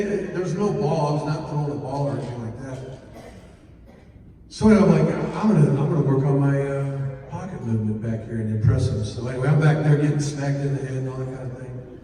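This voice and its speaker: A man's voice: fairly high pitch, dark tone, a little hiss or hum. A middle-aged man from Florida giving a humorous, self-mocking banquet speech, acting out the dialogue in his stories. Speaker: banquet speaker. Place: large banquet hall. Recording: echoey hall from far off, faint ambience.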